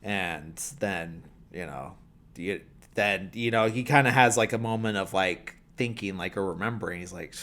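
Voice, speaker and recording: A man's voice: sits low, moderate pace, a bit bright, a little hiss or hum. A man hosting a podcast, retelling a film scene in a loose, rambling way, full of filler words and dry humour. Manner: rambling, heavy on "like" and "you know" fillers. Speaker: podcast host. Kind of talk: casual film recap.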